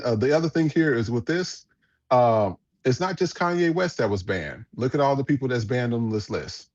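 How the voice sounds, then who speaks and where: A man's voice: medium pitch, a little mellow, dull audio. A man hosting a podcast, giving casual news commentary in a blunt, profane ranting manner. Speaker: podcast host.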